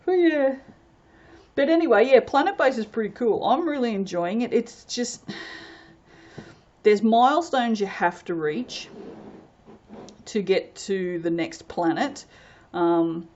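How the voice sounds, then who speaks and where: An Australian woman, host of a soap-making channel, chatting casually and rambling while she works, laughing often and breaking into sudden loud exclamations. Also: fairly high pitch, animated, slow, long pauses, dull audio, slight background noise. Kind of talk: casual chat while working.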